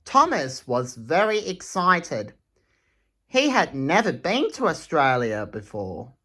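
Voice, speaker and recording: Slow expressive woman reading a storybook. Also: deep voice, breathy edge. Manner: slow, expressive, sing-song. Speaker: storytime reader. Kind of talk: reading a children's picture book aloud.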